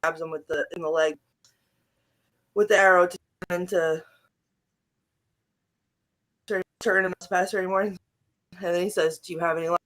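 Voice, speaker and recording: A woman's voice: lowish voice, steady tone, moderate pace, long pauses, fairly bright tone. A young woman co-hosting a podcast, casually recapping a film and often dissolving into giggles. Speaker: podcast co-host. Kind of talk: casual movie-recap chat.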